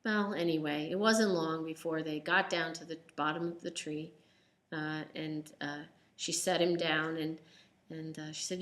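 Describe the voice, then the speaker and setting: A woman's voice: low-pitched, fairly even intonation, unhurried, a bit bright. A woman telling a children's story aloud in a casual, unscripted way, with ums and restarts.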